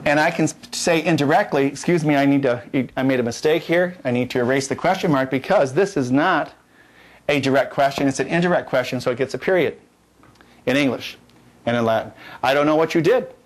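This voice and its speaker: Folksy man teaching Latin in class. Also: medium pitch. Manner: folksy, jokey, repeats key points, halting restarts. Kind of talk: classroom lecture at a whiteboard.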